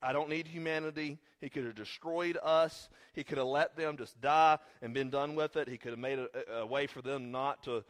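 A man's voice: mid-range voice, fairly even intonation, moderate pace, hardly any pauses. A congested man with a slight cough, preaching a sermon as pastor with earnest, rising emphasis on key points.

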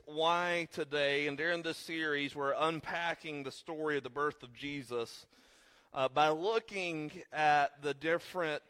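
A man's voice: a little high, fairly bright tone. A congested man with a slight cough, preaching a sermon as pastor with earnest, rising emphasis on key points.

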